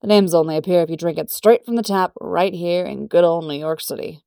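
A woman voicing an easygoing middle-aged businessman who speaks in a breezy, gently teasing way. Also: fairly low pitch, a little fast, gravelly, dry recording, studio quality. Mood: gentle.

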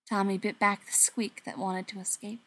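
A woman reading a story aloud in an even, soft narrating voice that sometimes drops to a whisper. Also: medium pitch, moderate pace.

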